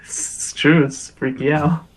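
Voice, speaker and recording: A man casually playing a tabletop game, relaxed and joking. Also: fairly high pitch, slow pace, low-quality recording. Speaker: player.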